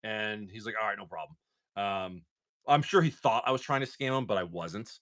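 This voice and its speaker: A man's voice: on the low side, expressive, normal speed, a bit bright. A man hosting a casual livestream, rambling through stories full of "like" while opening trading cards. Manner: rambling storyteller, lots of "like".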